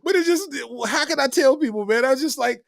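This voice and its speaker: A man's voice: very high-pitched, expressive, brisk, gravelly, no room sound, clean studio sound. A middle-aged man hosting a comedy podcast, telling stories in a loose, slangy way and breaking into laughter between lines.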